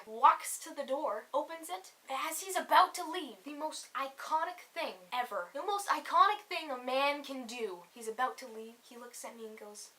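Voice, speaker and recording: A young woman telling a funny personal story for a comedy vlog, animated and full of swearing, acting out each quote. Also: sits high, a little slow. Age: young adult. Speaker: comedy YouTuber. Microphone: camera mic.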